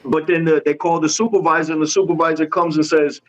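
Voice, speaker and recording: A man guest telling a story with animated energy, using street slang and acting out each person's lines in voices. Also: a little high, fast, lo-fi sound, slight background noise. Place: podcast studio.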